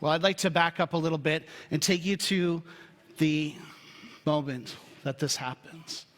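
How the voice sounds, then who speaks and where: A pastor preaching a sermon in a relaxed, joking, conversational way before turning serious. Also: male voice, a little high, unhurried. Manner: humorous, conversational storytelling. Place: church sanctuary. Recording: reverberant church hall.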